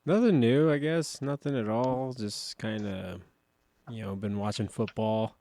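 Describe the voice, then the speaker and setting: A man talking on a podcast in a laid-back, low-key way. He swears casually and keeps things loose. The sound is dry and close to the mic. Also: unhurried, warm tone, no room sound. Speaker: podcast co-host. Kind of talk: casual chat.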